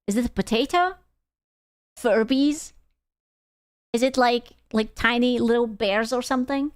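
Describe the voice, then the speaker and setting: A young woman streaming and reacting to videos in casual chat, blunt and quick to swear. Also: fairly high pitch, smooth, dry recording. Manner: blunt, swears freely, laughs often.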